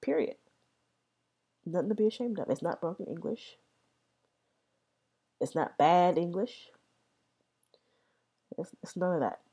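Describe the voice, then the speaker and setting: This young adult woman talks about language in a casual vlog, her fairly low, dark-toned voice lively in intonation yet unhurried, with frequent pauses. Rambling and repetitive, she often adds "right?"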